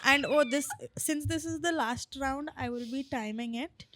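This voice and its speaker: A woman's voice: high-pitched, normal speed, a bit bright, slight background noise. A young woman co-hosting a podcast, running the game rounds in a casual, teasing way. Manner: bossy game-runner, teasing. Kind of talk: casual chat.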